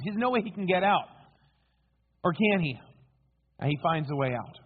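Husky-voiced preacher on a tinny line. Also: male voice, fairly high pitch, animated, normal speed. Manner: dramatic, rhetorical questions to listeners. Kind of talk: sermon. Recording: tinny phone-like sound.

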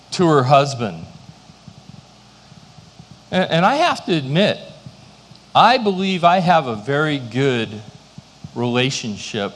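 A man's voice: a little high, fairly bright tone, big-room sound. A middle-aged man, a pastor, preaching a sermon with storytelling and self-deprecating humor.

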